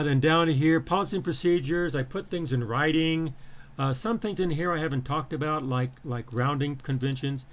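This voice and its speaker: A man teaching a live-streamed class, walking students through his syllabus in a rambling way with many fillers and restarts, repeating key phrases for emphasis. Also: on the high side. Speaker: professor.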